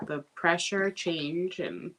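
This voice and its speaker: A woman's voice: on the low side, takes it slowly, fairly bright tone, slight background noise, low-quality recording. A woman hosting a casual interview with her father, chiming in with short reactions. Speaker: host, guest's daughter.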